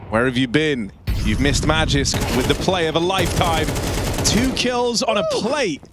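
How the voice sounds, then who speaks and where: A man casting a shooter match as play-by-play commentator, animated and jokey. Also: unhurried, loud music behind the voice. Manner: animated, jokey, pitch jumps up when excited. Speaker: esports caster. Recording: noisy broadcast with game gunfire behind. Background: game gunfire and clicks.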